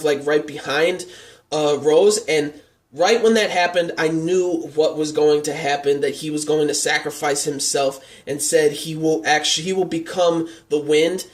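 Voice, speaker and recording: Earnest rambling young-sounding male reviewer. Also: on the high side. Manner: rambling, heavy on "like" and "and stuff" fillers; earnest and openly moved. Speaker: anime reviewer. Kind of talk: casual episode review vlog.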